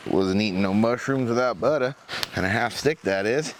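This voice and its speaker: Low-voiced man hosting a camping vlog, relaxed and chatty, recorded outdoors on a camera mic. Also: normal speed, background noise. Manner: relaxed, chatty, talks to the viewers. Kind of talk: casual vlog narration. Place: outdoors at a forest campsite by a fire.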